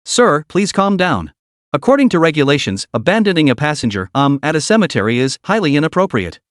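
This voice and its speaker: A man voicing a composed female emergency dispatcher who speaks slowly and calmly. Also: on the high side, no room sound, studio quality. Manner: slow, measured, calming.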